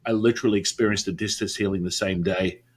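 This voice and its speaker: A man being interviewed, telling a story in an animated way and acting out the voices of people he quotes. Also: low voice, quick pace. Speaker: podcast guest.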